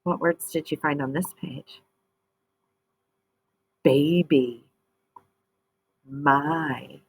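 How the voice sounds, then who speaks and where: A woman's voice: low-pitched, steady tone, very slow, slightly rough, rough recording. A woman teaching a phonics lesson, patient and encouraging as she reads a story aloud and talks through the sounds.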